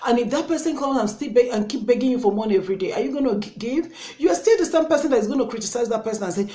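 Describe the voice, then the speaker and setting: A woman's voice: fairly high pitch, lively intonation, racing, warm tone. A woman from Africa with an African English accent, scolding her critics in an opinion vlog, full of rhetorical questions. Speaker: YouTuber. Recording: echoey room.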